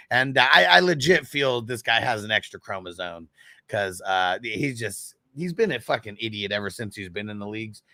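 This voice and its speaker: A man's voice: on the low side, animated, moderate pace, pushed and bright, no room sound, clean studio sound. A man hosting a fantasy football show, telling a story in a casual, profane, rambling way. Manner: profane, rambling, with frequent laughs.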